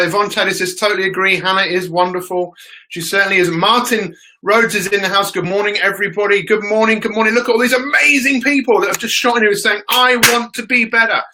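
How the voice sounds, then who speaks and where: An upbeat man runs a live motivational stream, welcoming viewers by name before getting to his talk. His voice is bright and forceful and sits a little high. He speaks into his phone. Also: poor audio. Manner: energetic, greets viewers by name. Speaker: motivational show host.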